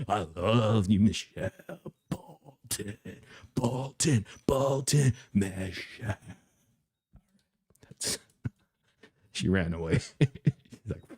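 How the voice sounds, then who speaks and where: A man's voice: lowish voice, expressive, extremely slow, long pauses, a little mellow, slightly rough. A man hosting a casual live stream, reading viewer comments aloud and teasing one chatter in a playful, crooning way.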